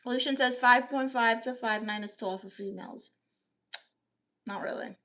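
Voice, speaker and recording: A woman's voice: a little high, pushed and bright. A woman in her thirties from Florida, chatting casually on a phone livestream as she reads out viewer comments. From Florida, USA. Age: 30s. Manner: playful, quick, giggly replies. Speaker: comedian and streamer.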